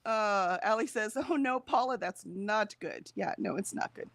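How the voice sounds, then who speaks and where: A woman's voice: mid-range voice, normal speed, gravelly, fairly bright tone, no room sound. A woman co-hosting a casual stream, chatting and reading viewer comments aloud, laughing often. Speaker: co-host of a productivity stream. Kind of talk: casual chat reading out live chat.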